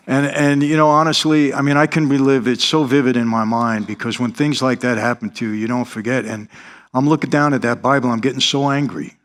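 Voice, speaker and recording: A man's voice: mid-range voice, a little fast, fairly bright tone. A middle-aged man, telling his life story in earnest, confessional style as an interview guest. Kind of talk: interview testimony.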